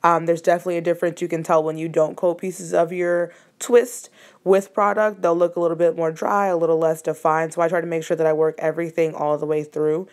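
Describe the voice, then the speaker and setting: A young woman casually narrating a hair tutorial, chatty and relaxed with frequent ums. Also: on the low side, brisk, no echo.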